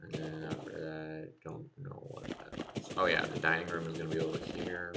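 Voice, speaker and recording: Low gravelly dude streaming a build, rambling, thinking out loud, mic far away, loud noise behind. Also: male voice, completely flat delivery, normal speed. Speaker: game streamer. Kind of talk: casual gameplay commentary.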